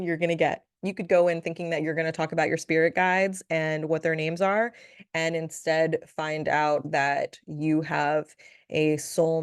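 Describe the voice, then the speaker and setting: A woman's voice: low-pitched, clear, resonant tone, dry recording, clean studio sound. A woman hosting a solo spiritual podcast, talking in a chatty, playful way with frequent giggles and asides. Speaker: podcast host, spiritual reader.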